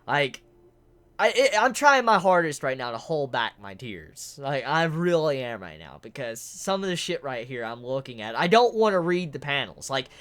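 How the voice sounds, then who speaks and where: Excitable, swearing manga reviewer. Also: medium pitch. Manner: excitable and emotional, swears often. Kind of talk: casual spoken chapter analysis.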